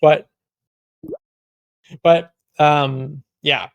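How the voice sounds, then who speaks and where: A man with a fairly high, gravelly voice tells casual, sarcastic stories on a podcast about running a detailing shop. He rambles from one anecdote to the next, slipping in joking quotes. The sound is close and dry. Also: fairly even intonation, extremely slow, no room sound, muffled recording. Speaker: podcast co-host, auto detailing business owner.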